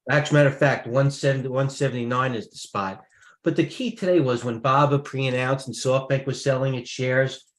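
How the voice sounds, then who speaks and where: A male trader on a live show talks through his stock positions and keeps restarting his sentences as he thinks aloud. His mid-pitched voice carries a roomy echo. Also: fairly even intonation, brisk. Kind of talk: live trading chat.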